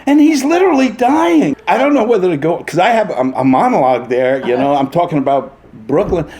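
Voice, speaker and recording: Animated older man spinning theatre stories. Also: high-pitched, brisk. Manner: animated raconteur, acts out voices, laughs often. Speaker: interview guest, veteran stage actor. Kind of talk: anecdotal storytelling.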